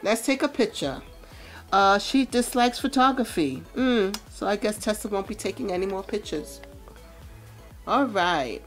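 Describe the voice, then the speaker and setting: A woman hosts a let's play, chatting animatedly about her game and laughing often. Her voice swings widely in pitch. Faint music plays in the background. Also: expressive, unhurried, fairly bright tone. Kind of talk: casual gameplay commentary.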